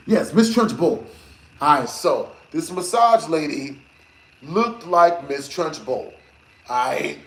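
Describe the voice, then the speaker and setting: Guy streamer with a high voice, slangy and rambly, chatting to his viewers in an echoey room. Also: takes it slowly. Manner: slangy, rambling, animated, laughs often. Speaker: live streamer. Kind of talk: casual storytelling to live chat. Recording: roomy echo.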